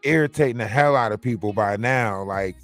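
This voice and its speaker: A man's voice: on the low side, brisk, fairly bright tone, soft background music. A man hosting a livestream, talking casually and mockingly in slangy gossip commentary. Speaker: livestream host.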